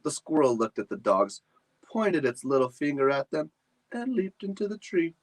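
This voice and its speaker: A man reading a chapter book aloud for children at a library storytime, in an expressive, animated manner. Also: fairly high pitch, normal speed, rough recording.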